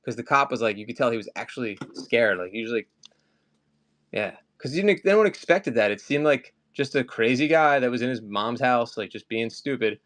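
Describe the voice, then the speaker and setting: A man's voice: mid-range voice, lively intonation, fairly quick, a bit bright, slight background noise. A man in a middle register runs a live collectibles auction. He chats loosely and wanders off topic before snapping back to prices. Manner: rambling, chatty, often off topic. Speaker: live-stream collectibles seller. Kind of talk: casual live-stream chat.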